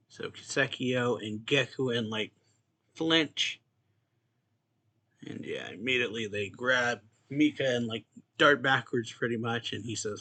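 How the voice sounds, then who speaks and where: A young man with a bright, forceful voice recaps a comic chapter in casual, rambling talk. He fills his retelling with filler words and keeps a chuckling, easygoing flow. His voice sits in a middle pitch. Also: a little slow. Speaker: manga reaction host.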